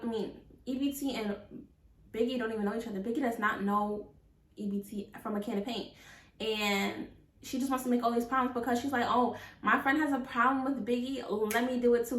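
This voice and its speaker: Young woman host, outspoken reaction commentary, higher voice, echoey room. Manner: opinionated, animated, talks back to the screen.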